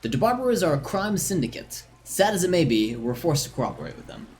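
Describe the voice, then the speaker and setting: A calm, polite female negotiator from a video game, read aloud by a streamer. The delivery is measured and formal, with a lively, shifting pitch. A faint hiss sits under the voice. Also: close to an everyday voice. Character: poised, polite, curious female corporate negotiator. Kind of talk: reading game dialogue aloud on a live stream.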